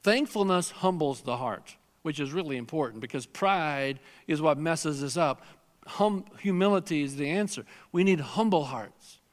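A man with a fairly high voice preaches a sermon in a big church hall, and long reverb trails his words. He is earnest and emphatic, repeating phrases for weight and slipping into heartfelt prayer and quoted scripture. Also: moderate pace. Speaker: pastor. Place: large church sanctuary.

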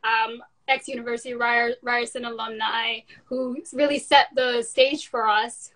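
A woman's voice: on the high side, a bit bright, low-quality recording. A woman moderating a panel discussion, enthusiastic, using Caribbean slang and asking long questions.

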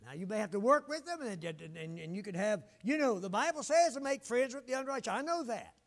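An older male preacher delivers a fervent sermon in a high, gravelly voice. He swings from loud exhortation down to quiet, hushed asides. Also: lively intonation, fairly quick. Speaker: pastor.

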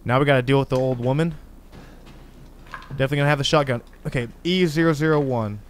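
A man hosting a gaming channel, giving excitable, slangy commentary as he plays a horror game. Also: mid-range voice, fast, slight background noise. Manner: excitable, exclamatory, casual slang. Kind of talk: let's play commentary.

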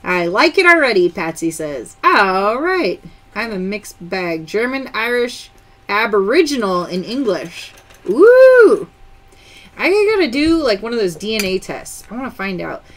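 Woman host for a live-stream sale; animated, upbeat, greets viewers by name. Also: mid-range voice, moderate pace. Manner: chatty, greets viewers by name, counts aloud. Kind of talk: live-stream sales chat.

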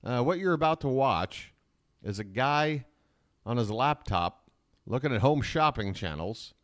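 A man's voice: mid-range voice, no echo, studio quality. A man hosting a casual live stream from his laptop at home, rambling with self-mocking asides and reading out the chat.

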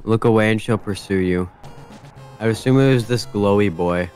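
A man's voice: on the low side, normal speed, a little mellow, soft background music. A man chatting casually while playing a game with friends, cracking jokes and eating as he talks. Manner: joking, eats while talking. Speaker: gamer. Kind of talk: casual gaming chat.

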